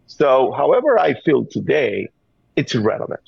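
A man's voice: medium pitch, sing-song, moderate pace, gravelly, breathy edge, dry recording. Venezuelan guy, spanish accent, middle-aged, pleading and repeating himself, muffled dry phone-ish sound. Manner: earnest, urgent, repeats words when pressing a point. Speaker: guest, gun violence activist. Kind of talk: call-in interview. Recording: dull, dry remote line.

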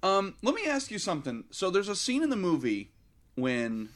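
Animated, profane man reviewing a movie. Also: high-pitched, moderate pace. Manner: animated, profane, acts out scenes in mock voices. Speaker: podcast co-host. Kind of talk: casual movie review chat.

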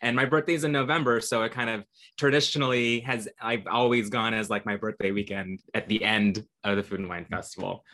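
A man's voice: on the low side, fairly even intonation, fairly quick, pushed and bright. A man from Orlando co-hosting a podcast, reading park news with enthusiasm and easy laughter. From Orlando, Florida. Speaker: podcast co-host. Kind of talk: casual podcast news chat.

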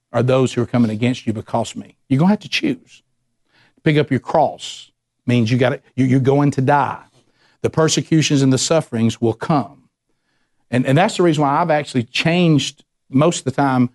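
A man's voice: fairly high pitch, animated, fairly quick, a little mellow. A man preaching a sermon as a pastor, emphatic and conversational, asking the congregation questions.

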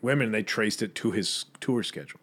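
A man co-hosting a podcast, telling stories in a casual, animated way and putting on high voices for the people in them. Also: brisk. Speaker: podcast co-host. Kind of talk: casual chat.

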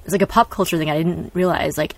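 A young woman co-hosting a casual podcast chat, an animated storyteller who acts out quotes and laughs often. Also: on the low side, quick pace, no echo. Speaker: podcast co-host.

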